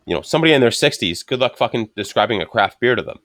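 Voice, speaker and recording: A man tells rambling stories full of swearing. His voice sits in a middling pitch. The sound is close and dry, with no room echo. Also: lively intonation, rapid-fire, fairly bright tone. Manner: loose, profane, rambling storytelling. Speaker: podcast guest. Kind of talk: casual storytelling chat.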